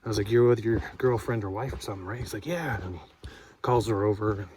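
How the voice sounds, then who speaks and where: Man, hiker, casual trail diary, lowish voice, loose rambling storytelling, handheld camera audio, noisy outdoors. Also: steady tone, fast talker, darkish tone. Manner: rambling storytelling with many fillers and acted-out quotes.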